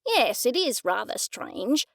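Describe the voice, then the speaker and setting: A woman's voice: on the high side, sing-song, slow, vocal fry, a bit bright, no echo, heavily acted. A woman narrator voicing a stern middle-aged male police detective, probing and accusing in a dry manner.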